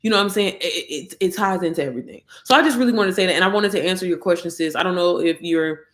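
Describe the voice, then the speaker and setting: A woman's voice: fairly low pitch, racing. A woman hosting a casual livestream, chatting directly to her viewers and calling them girl and baby, sometimes reading affirmations aloud. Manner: reads out affirmations. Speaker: livestream host.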